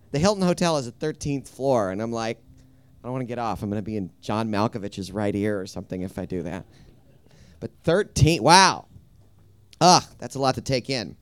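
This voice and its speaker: A man's voice: mid-range voice, no room sound. A man hosting a comedy show, riffing in a rambling, offhand way between acts. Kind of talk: casual emcee banter.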